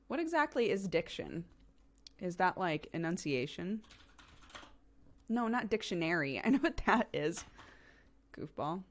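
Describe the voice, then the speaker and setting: Young woman streamer, slow casual chatter, lively low-ish voice, giggly and rambling. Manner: relaxed, giggly, rambling with many fillers. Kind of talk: casual chat with chat readers.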